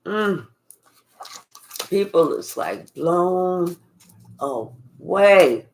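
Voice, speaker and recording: Slow, profane woman doing a tarot reading. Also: fairly low pitch, animated, gravelly, slight background noise. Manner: profane, repetitive, slow drawl. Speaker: tarot reader. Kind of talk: live psychic reading.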